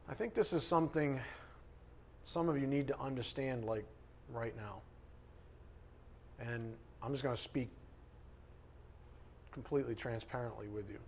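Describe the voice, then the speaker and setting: A man's voice: mid-range voice, measured pace, long pauses. Man preaching with emphatic swings. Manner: conversational, emphatic preaching, swings between loud stresses and soft asides. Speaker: pastor. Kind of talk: sermon.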